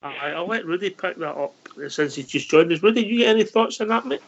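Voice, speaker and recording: A man hosting a casual radio phone-in, brisk and matey with his callers. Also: high-pitched, lively intonation. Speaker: phone-in host. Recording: lo-fi online call audio.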